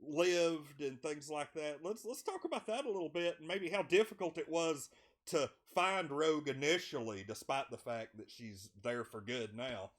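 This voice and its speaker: A fairly high-pitched man hosts a casual interview over a video call. He sounds excitable and often stammers over his words. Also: normal speed. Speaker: podcast host.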